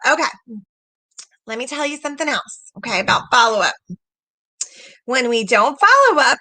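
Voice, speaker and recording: A bright, high-pitched woman coaches her viewers live, her voice swooping up and down as she reads their comments and acts out quotes. The sound is dry and close, with no room around it. She talks with lively, emphatic energy. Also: normal speed, long pauses, no room sound. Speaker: sales coach hosting a livestream.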